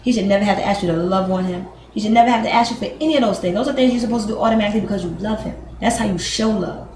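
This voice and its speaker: A woman's voice: fairly high pitch, slight background noise. A woman giving her niece blunt relationship advice in casual talk. She swears freely and acts out both sides of conversations. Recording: echoey room with faint ambience.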